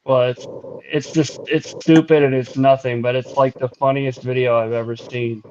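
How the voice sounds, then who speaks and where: A man's voice: level tone, moderate pace, darkish tone, slight background noise. A middle-aged man and podcast co-host, chatting casually and telling profane stories with lots of laughing. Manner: profane, laughing storyteller who mimics others in a high voice. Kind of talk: casual chat. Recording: dull lo-fi online call audio.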